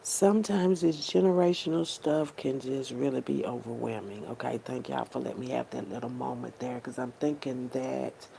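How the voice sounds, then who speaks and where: A woman's voice: very deep voice, fairly even intonation, normal speed, vocal fry, few pauses, warm tone, a little hiss or hum. A woman speaking straight to her viewers in a heartfelt, unscripted monologue, repeating herself often and using heavy slang and swearing. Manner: repetitive, slangy and profane, addressing viewers directly. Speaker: vlogger.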